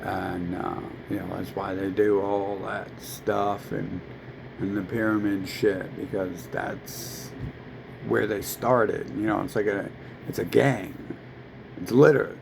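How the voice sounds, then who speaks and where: A man's voice: fairly low pitch, steady tone, slow, vocal fry, noisy background. A man in a casual, profane, rambling rant, talking heatedly to camera.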